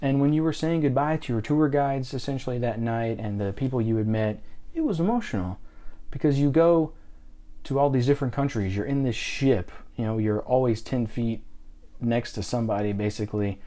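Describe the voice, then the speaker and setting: A man from the United States co-hosting a podcast, chatting casually about a river cruise and telling animated stories. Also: medium pitch, fairly quick. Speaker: podcast co-host. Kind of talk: casual travel chat.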